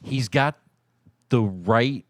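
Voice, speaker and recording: A man's voice: medium pitch, very slow, dry recording, clean studio sound. A man in a casual podcast chat, arguing his point with lots of restarts.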